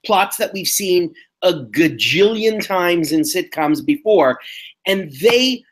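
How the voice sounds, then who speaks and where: A man in his sixties co-hosting a podcast in casual chat, musing and opinionated with drawn-out phrasing. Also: high-pitched, lively intonation. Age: 60s. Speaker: podcast co-host.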